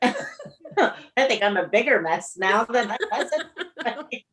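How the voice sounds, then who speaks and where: A woman's voice: medium pitch, animated, normal speed, a bit bright, distant mic. A woman co-hosting a casual book chat over a video call, laughing often as she talks. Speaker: book club co-host. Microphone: video call, a bit off mic.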